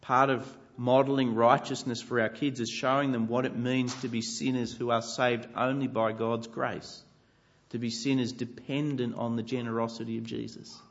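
A man's voice: mid-range voice, level tone, normal speed, highs cut off. A man preaching a sermon, earnest and conversational with light self-deprecating humor. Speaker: pastor.

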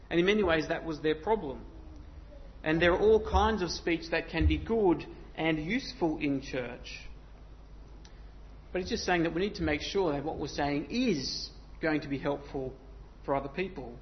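A man preaching a sermon in church, talking in a conversational way with self-deprecating asides. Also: fairly high pitch. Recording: slightly dull sound with faint noise.

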